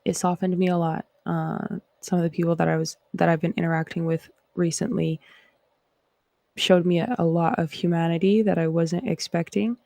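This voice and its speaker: Rambling Canadian woman with gravelly fry. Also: lowish voice, steady tone, normal speed, warm tone, no room sound. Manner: rambling, reflective, chatty. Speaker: host. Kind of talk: casual livestream chat.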